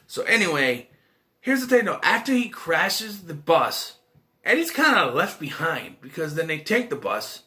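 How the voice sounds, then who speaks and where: A man casually recapping a film plot in a rambling, animated way, acting out his own reactions. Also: fairly high pitch, normal speed. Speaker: movie reviewer.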